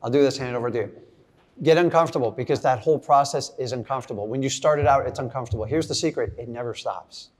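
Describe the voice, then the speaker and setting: Middle-aged guy pumping up a crowd, blunt and casual, keeps acting out little scenes, voice not high not low. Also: fast. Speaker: real estate investor speaking to an audience. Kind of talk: motivational talk to a live audience.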